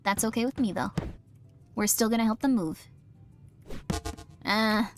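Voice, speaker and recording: At a measured pace and in a slightly high voice, a woman streams a game while chatting casually and reading chat aloud. She's rambling and self-mocking, sometimes launching into quoted voices, and music plays underneath.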